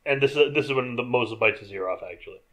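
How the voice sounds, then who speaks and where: Co-host, man, mid-pitched, steady profane plot recap. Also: fast. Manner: plot-focused, profane, dry asides. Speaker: podcast co-host. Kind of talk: casual movie recap chat.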